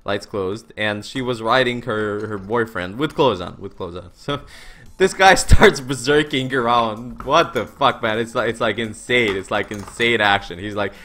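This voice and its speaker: A young man in his twenties, voice on the low side, streams poker and chats casually as he plays, telling a story at a moderate pace with plenty of fillers and swearing. He's an excitable storyteller who keeps laughing, and there's slight background noise.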